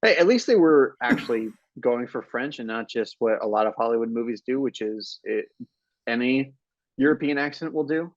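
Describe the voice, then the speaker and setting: A man hosts a podcast and chats playfully with his guests about a movie, tossing out lively questions. His mic has a dry, close sound with little room echo, and the recording is slightly dull and muffled. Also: medium pitch, normal speed. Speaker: podcast host. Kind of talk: casual film discussion.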